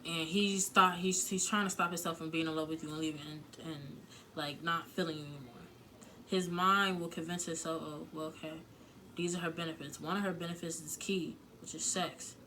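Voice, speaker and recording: A woman's voice: deep voice, steady tone, normal speed, pushed and bright, slight background noise. A woman giving frank relationship advice in a casual vlog, talking candidly with plenty of filler words and some swearing. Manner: emotional, close to tears at times.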